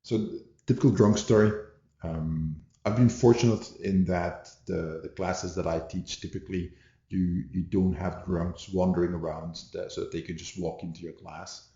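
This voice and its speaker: A man's voice: low voice, steady tone, normal speed, dark tone. A man hosting a podcast, telling martial arts anecdotes in a rambling, amused way with many restarts and asides. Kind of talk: casual storytelling monologue. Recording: dull roomy home recording.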